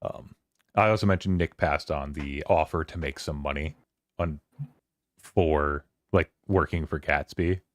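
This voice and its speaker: A man with an extremely deep, low voice chats casually on his stream, recapping a novel's scenes. He rambles with plenty of "like" and "um". The sound is close and dry. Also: no room sound. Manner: rambling, filler-heavy, quoting characters in quick voices. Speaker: streamer hosting a book club.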